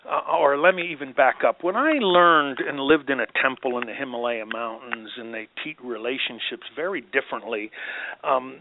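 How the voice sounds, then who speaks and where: A man, a doctor as a podcast guest, answering in an animated, storytelling way and acting out quoted voices. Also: mid-range voice, moderate pace, a little hiss or hum. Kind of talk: conversational interview answers. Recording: phone-like dry remote line.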